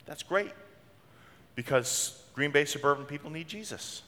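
A man's voice: on the high side, expressive, a little slow, bright, forceful tone. A middle-aged man, preaching a conversational sermon from a church. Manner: conversational preaching with homely stories. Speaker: pastor. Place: church sanctuary. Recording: long reverb of a church hall.

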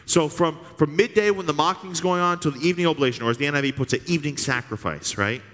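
Brief: male pastor, lively sermon delivery with mocking asides, higher-pitched voice, echoing sanctuary reverb. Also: fast, few pauses. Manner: animated and sarcastic, acting out the scripture with big pitch swings.

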